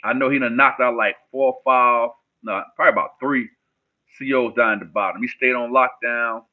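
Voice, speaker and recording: A man's voice: medium pitch, fairly even intonation, moderate pace. A man from New Jersey casually chatting with viewers on a livestream in loose street slang, answering their questions. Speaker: livestream host. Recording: phone-like narrow band.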